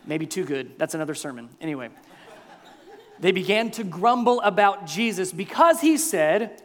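A man preaching a sermon as pastor, animated, acting out the crowd and Jesus in quoted voices. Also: high voice, moderate pace. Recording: long hall reverb.

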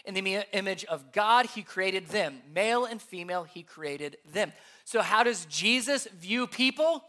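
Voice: mid-range voice, lively intonation, measured pace, sharp tone. A pastor teaching a sermon in an earnest way, repeating key points and asking the audience questions. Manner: asks the audience rhetorical questions.

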